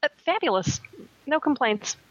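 A woman's voice: sits high, very animated, moderate pace, a bit bright, no room sound, muffled recording. A woman guest co-hosting a podcast in casual comedic chat, playful and giggling a lot. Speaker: guest co-host.

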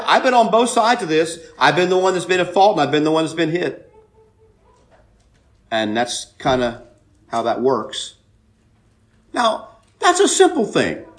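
A man preaching a sermon, telling a personal story with loud emphatic bursts and quiet asides. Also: sits high. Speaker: pastor.

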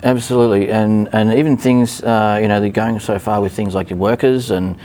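A man's voice: on the low side, fairly even intonation, fairly quick, dark tone, a little hiss or hum. A man speaking as a podcast guest in casual conversation, hesitant, with many fillers and restarts.

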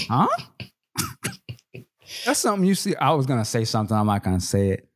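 A man talking casually as a podcast co-host, at an ordinary middle pitch. He sounds laid-back and slangy, laughs often and keeps throwing rhetorical questions at his partner. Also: huge pitch swings, normal speed, pauses often. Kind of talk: casual chat.

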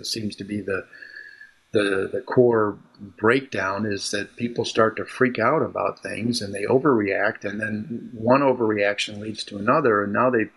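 Man, counselor, husky voice, rambling interview chat, many fillers. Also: fairly low pitch, fairly bright tone. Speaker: mental health counselor and guest. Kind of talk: casual interview conversation. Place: home room by a window.

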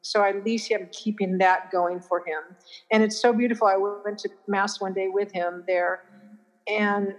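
Earnest middle-aged woman, reverberant room. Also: medium pitch. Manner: warm, earnest, trailing off into quiet restarts. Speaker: family caregiver, guest. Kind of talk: interview conversation. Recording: long reverb in a hall-like room.

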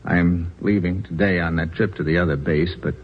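A patient, earnest army chaplain, played by an actor, gentle and persuasive, with a fairly low voice. It comes through a dull 1940s radio broadcast with faint hiss. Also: male voice, steady tone, moderate pace, close to an everyday voice.

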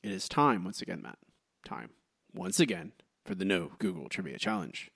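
A man's voice: sits low, very animated, normal speed, gravelly, a bit bright, breathy edge. A man co-hosting a podcast, chatting casually and running a trivia quiz, with a hesitant, filler-filled delivery. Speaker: podcast co-host.

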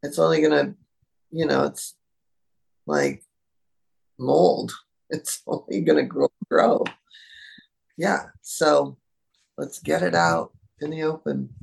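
Chatty woman guest, gravelly edge, easygoing interview talk. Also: deep voice, big pitch swings, slow, pauses often, darkish tone. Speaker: animal communicator guest.

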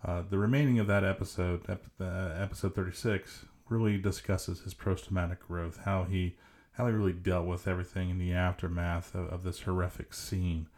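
A man's voice: sits low, level tone, brisk, a little mellow. A man hosting a podcast, introducing a clip in a plain, informal way. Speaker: podcast host.

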